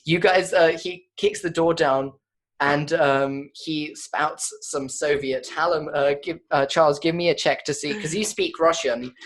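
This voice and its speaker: A man's voice: on the high side, fairly even intonation, unhurried, fairly bright tone. A young man narrating as game master, casual and full of fillers.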